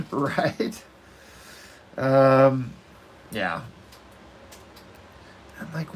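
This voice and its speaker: A man's voice: high-pitched, lively intonation, unhurried, a bit bright. A man chatting casually while he draws, ranting and opinionated, swearing freely and trailing off into fillers. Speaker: artist working on a comic page. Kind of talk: casual rambling chat while drawing.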